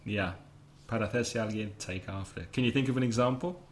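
A man with an English accent co-hosting a casual language-learning podcast, relaxed and self-deprecating, quick to laugh. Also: on the low side. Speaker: podcast co-host teaching English phrasal verbs.

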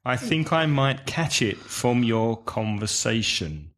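Slow, careful male English teacher. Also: medium pitch, very animated, a bit bright. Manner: slow, careful, spells out syllables and stress. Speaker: podcast co-host, English teacher. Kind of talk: teaching podcast chat.

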